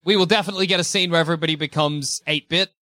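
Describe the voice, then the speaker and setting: A man's voice: on the high side, fairly even intonation, bright, forceful tone, no room sound, studio quality. A man hosting a comedy podcast, chatting enthusiastically and swearing freely as he riffs with friends. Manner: enthusiastic, swearing, quick to agree. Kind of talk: casual comedic chat.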